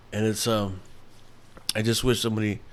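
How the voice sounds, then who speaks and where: A New York man in his thirties hosts a casual solo podcast in a lowish voice over a noisy background. He rambles with lots of restarts and fillers and swears freely.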